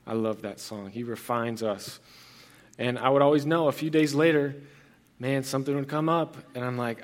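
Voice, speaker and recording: A man's voice: mid-range voice, normal speed. A young man preaching a sermon as pastor, earnest and conversational, with frequent restarts and fillers.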